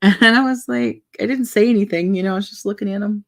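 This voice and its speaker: A young woman chatting casually while building a wooden puzzle, rambling and soft-spoken with many fillers and restarts. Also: mid-range voice, quick pace, gravelly. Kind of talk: casual chat while crafting.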